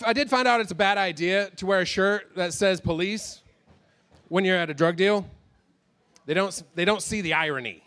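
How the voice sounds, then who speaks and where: A man works through a loose stand-up comedy set on a club stage, his voice sitting a little high. He rambles, swears freely, and mocks his own fumbled segues. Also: a bit bright. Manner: rambling, self-deprecating, swears a lot.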